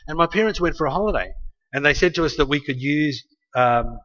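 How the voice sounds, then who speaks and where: A man's voice: fairly high pitch, lively intonation, a little fast, a bit bright. An Australian man preaching, telling a family story in a loose, conversational way with many restarts. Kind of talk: sermon storytelling. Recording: slightly muffled lo-fi recording.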